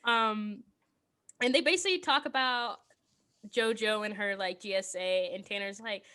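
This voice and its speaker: A woman's voice: medium pitch, moderate pace. A woman co-hosting a podcast, casually recapping a film with voiced quotes and a lot of laughter. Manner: animated storytelling with voiced quotes and frequent laughter. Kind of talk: casual chat.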